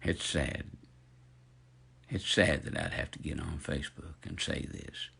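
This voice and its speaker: With a rumbling low voice that's creaky, a bit bright, and slightly rough, a fifty-something social media personality rants to camera. He's very animated though a little slow, preaching indignantly and calling people out directly.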